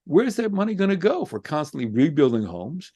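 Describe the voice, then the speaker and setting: A man's voice: on the high side, sing-song, a little fast, warm tone, husky. A man who is a philosophy professor and author, answering an interview with impassioned rhetorical questions. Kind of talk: interview answer, reflective monologue.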